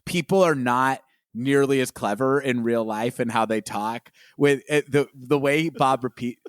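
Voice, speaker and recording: Man, podcast co-host, casual film chat, animated retelling, laughs easily, dry close mic. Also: medium pitch, a little slow, no room sound.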